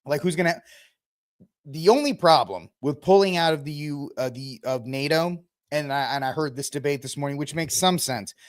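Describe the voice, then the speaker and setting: A male podcast host riffs through the news in a loose, rambling way, full of ums and self-corrections. His voice sits fairly high for a man. The sound is dry and close. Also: normal speed, no room sound. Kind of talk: casual news commentary livestream.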